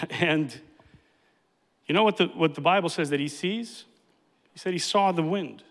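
Emphatic preacher in a reverberant hall. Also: male voice, fairly high pitch, unhurried, a bit bright. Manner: emphatic, repeats key phrases. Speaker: pastor. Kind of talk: sermon.

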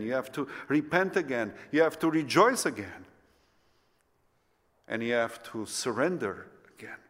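Slow-preaching man in a reverberant hall. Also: medium pitch. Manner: impassioned, rising to near-shouts then dropping to soft whispers. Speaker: pastor. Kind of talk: sermon. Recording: long reverb of a church hall.

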